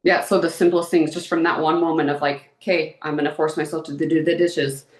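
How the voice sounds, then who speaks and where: Low-voiced woman in an echoey room. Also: flat delivery, a little fast, a little mellow. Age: 30s. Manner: open and emotional, chatty with many "like"s. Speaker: guest. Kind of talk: candid personal interview.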